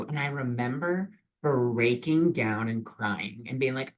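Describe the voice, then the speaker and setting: In his own vlog, a man with a mid-range voice talks at a moderate pace, sharing spiritual advice about imagination. It's casual, reflective, earnest talk with loose phrasing and plenty of fillers.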